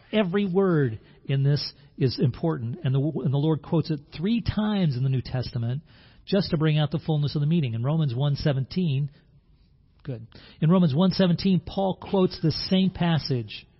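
A man's voice: medium pitch, slightly rough. A man preaching a sermon as pastor, earnest, often repeating words and restarting phrases. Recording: dull lo-fi sound.

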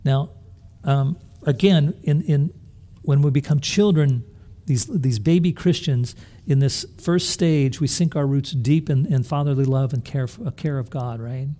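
A man delivering a sermon as a pastor, his voice mellow and warm, at an even middle pitch. He speaks earnestly and puts rhetorical questions to the congregation. He often restarts and repeats words as he works through his thoughts. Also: unhurried, hardly any pauses. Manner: restarts and repeats words while thinking aloud.

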